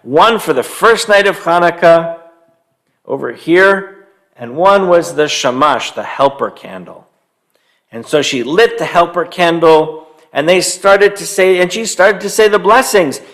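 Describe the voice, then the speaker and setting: A man telling a story to young children, animated and stopping to quiz them and have them join in. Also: on the high side, a little slow. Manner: animated, quizzes young listeners.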